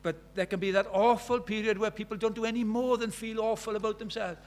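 A middle-aged Welshman with a fairly high voice preaches a sermon fast, with fairly even intonation. He swings between loud, emphatic declarations and quiet, hushed asides.

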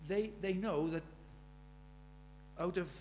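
A man preaching a sermon, animated, shifting from loud emphatic lines to quiet asides. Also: sits high, takes it slowly, slight background noise.

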